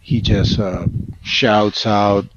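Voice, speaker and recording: A man with a fairly low voice, playing a tabletop game. He talks very slowly and haltingly, and his line sounds dull and lo-fi with clear noise behind it. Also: level tone. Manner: drawn-out, halting narration of his character. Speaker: player. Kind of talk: casual tabletop play.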